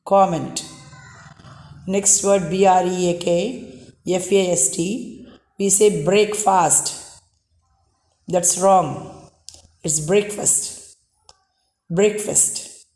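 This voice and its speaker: Indian English woman, English teacher, slow and low, spells words letter by letter, echoey room. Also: fairly even intonation, dark tone. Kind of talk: pronunciation lesson.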